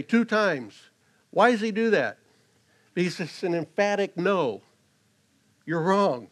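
High-voiced man preaching a sermon. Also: lively intonation, slow. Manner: earnest, with restarts and rising emphasis on key phrases. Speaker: pastor.

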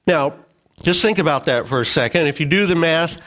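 Chatty preaching man with a higher voice. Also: expressive, fairly quick, a bit bright. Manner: conversational, joking asides and acted-out quotes. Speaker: pastor. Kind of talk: sermon.

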